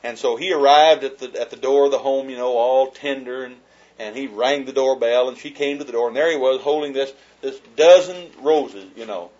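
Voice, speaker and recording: A folksy storyteller with a medium-pitched, darkish voice speaks at a moderate pace, giving a funny talk about marriage to an audience and chuckling through his stories. The audio is dull.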